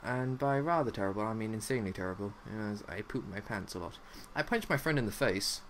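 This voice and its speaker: A fast-talking, animated young man with a low-ish, fairly bright voice plays a zombie game while spouting silly, scattered commentary loaded with "like." A faint hiss or hum runs in the background.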